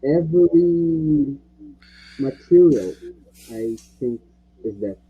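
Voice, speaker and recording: A man's voice: medium pitch, animated, slow, dark tone, breathy edge. A young Brazilian man with a Brazilian Portuguese accent, a native Portuguese speaker, talking hesitantly in an online English lesson over a video call. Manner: hesitant, searching for words. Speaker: English learner. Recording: tinny phone-like call audio.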